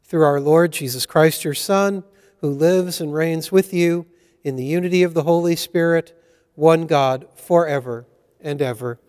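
A man leading Mass and reading scripture aloud as a priest, in a measured liturgical way. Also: fairly high pitch, a little mellow. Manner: slow, measured liturgical delivery. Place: church. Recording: church hall reverb.

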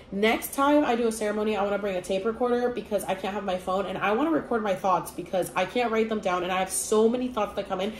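A young woman telling a story in a casual vlog, rambling and animated with lots of fillers. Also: mid-range voice, slight background noise. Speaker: vlogger. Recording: echoey room with faint ambience.

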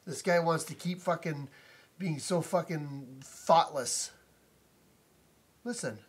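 Slow and breathy, a man's fairly high voice rants to camera from inside his house. He's a vlogger griping about a noisy neighbor, indignant, repetitive and swearing constantly, captured on a phone or camera mic.

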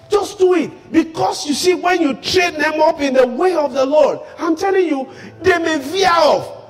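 A man who grew up in Africa, preaching as a pastor in a very high, lively voice. He swings between quiet asides and sudden shouted points, with the sound ringing through a reverberant church hall and soft music underneath. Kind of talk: sermon.

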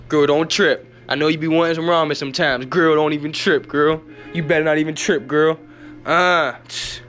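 Young adult male, a bit high-pitched, hyper and rambling with heavy slang and swearing, filming himself on a handheld camera at home. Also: steady tone, moderate pace, a bit bright, soft background music. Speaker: vlogger giving a home tour. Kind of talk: casual rambling home tour. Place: indoors at home.

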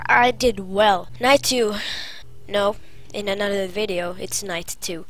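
There's no room sound and the audio is poor as a woman speaks slowly in a mid-range voice. She comments while playing a horror game in let's-play fashion, and she startles easily and yells at jump scares.

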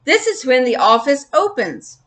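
A woman's voice: high voice, very animated, normal speed, fairly bright tone. A woman voicing a timid, nervous young male mouse explaining himself, in a storybook reading.

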